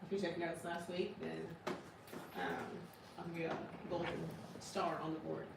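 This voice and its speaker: A woman teaching a small class in a classroom, chatty and quick to laugh, often checking "right?" with her students. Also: deep voice, level tone, vocal fry, background noise. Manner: casual, laughs often, asks "right?" a lot. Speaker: language teacher. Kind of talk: classroom lesson. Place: classroom with a board. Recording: echoey room, recorded from far off.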